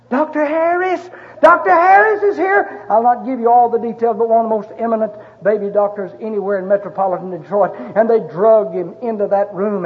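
A middle-aged man preaches in a very high voice, telling a personal story with mounting passion. The recording is dull and muffled, and a long reverb rings through the church hall. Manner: impassioned storytelling, rising to shouted pleas. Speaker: pastor. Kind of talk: sermon. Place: church sanctuary.

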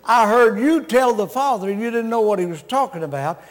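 A man voicing earnest, gentle Jesus. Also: high voice, expressive, moderate pace, big-room sound. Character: gentle, patient Jesus speaking to a believer.

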